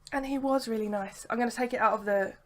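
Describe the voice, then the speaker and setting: Speaking quickly in a slightly high voice, a young woman vlogs straight to camera, chatty and rambling as she piles up "sort of" and "like." There is slight background noise.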